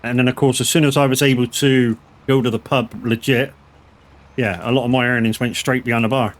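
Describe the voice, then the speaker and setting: Middle-aged male streamer, mid-pitched voice, rambling anecdotes, swears freely. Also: steady tone, fairly quick. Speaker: gaming streamer. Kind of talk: casual chat while playing a farming game.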